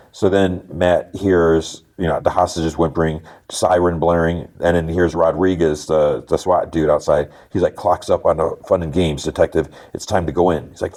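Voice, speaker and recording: A man's voice: low-pitched, mellow. A man hosting a podcast, casually recapping a TV episode scene by scene, rambling with many fillers and restarts. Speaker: podcast host.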